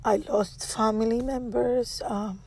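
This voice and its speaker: Slow-talking woman. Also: fairly high pitch, steady tone, creaky, darkish tone, slightly rough. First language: Spanish. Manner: emotional, frank, swears freely. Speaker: mother. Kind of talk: casual personal storytelling.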